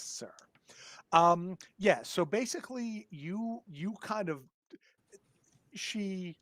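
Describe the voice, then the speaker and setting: This game master's voice sits high and sounds a bit bright, with lively intonation on a dry recording. He narrates a tabletop horror game from right on a close mic, stumbling through his descriptions with plenty of ums and restarts.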